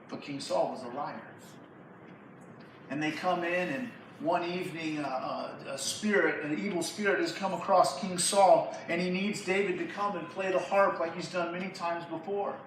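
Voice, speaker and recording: A high-voiced man telling a Bible story to a youth group, lively and slangy. His voice bounces around a large church hall, picked up from far back, with a faint hiss under it. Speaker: youth pastor.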